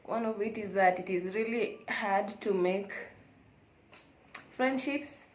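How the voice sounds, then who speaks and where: A young woman talks to camera in a relaxed, confessional way, musing openly as she goes. Her voice sits at an ordinary middle pitch and carries the echo of a bare hotel room. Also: slow pace. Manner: chatty, reflective and candid. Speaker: vlogger. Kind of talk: casual confessional vlog chat.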